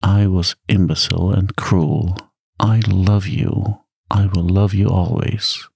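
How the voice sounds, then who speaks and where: A man softly voicing an evasive gentleman lover. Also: sits low, fairly even intonation, creaky, husky, no room sound, studio quality, exaggerated voice. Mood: pleading. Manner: soft-spoken, measured.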